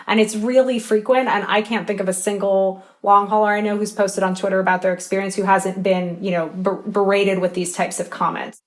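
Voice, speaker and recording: A woman author being interviewed as a guest, talking in an earnest, passionate way. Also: medium pitch. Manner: earnest, passionate, quick to emotion. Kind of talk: interview conversation.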